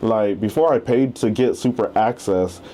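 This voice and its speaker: Guesting on a podcast, this thirtysomething real estate agent recounts his story in a lowish voice at normal speed. His delivery is relaxed and lively, and he performs the quoted lines.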